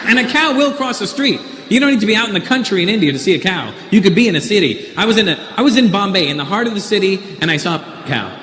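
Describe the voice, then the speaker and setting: A Canadian man does stand-up with a high, wry observational delivery. The sound carries the long reverb of a roomy hall, with faint noise underneath and laughter from the audience. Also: lively intonation, fast, few pauses, fairly bright tone. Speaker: stand-up comedian. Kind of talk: stand-up comedy. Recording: echoey live hall recording.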